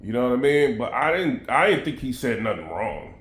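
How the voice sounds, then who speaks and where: The battle rap commentator here has a mid-range voice with big pitch swings, fairly quick and fairly bright, in a roomy-sounding recording. He addresses his viewers casually, leaning on fillers, loose asides and "you know what I mean."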